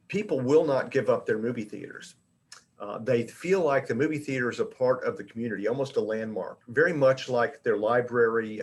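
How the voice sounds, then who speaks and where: Conversational man presenting to colleagues. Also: mid-range voice. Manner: conversational, lots of fillers and restarts; addresses colleagues directly. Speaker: industry education director giving a talk. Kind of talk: informal presentation.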